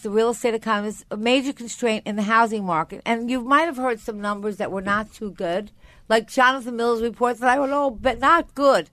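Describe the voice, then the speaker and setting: A woman's voice: fairly high pitch, fairly bright tone, no room sound. An older woman hosting a radio talk show, chatty and rambling, often correcting herself mid-sentence. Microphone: studio mic.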